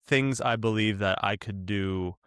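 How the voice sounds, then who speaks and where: Smooth-voiced man co-hosting a podcast. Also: lowish voice, a little slow, a bit bright, dry recording, studio quality. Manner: joking, rambling, laughs often. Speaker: podcast co-host. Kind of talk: casual chat.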